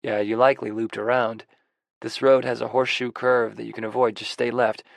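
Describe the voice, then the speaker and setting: A male narrator voicing a calm, teasing man from Texas, low and unhurried. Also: vocal fry, no echo, clean studio sound, lightly acted. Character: laid-back Texan man, calm and teasing.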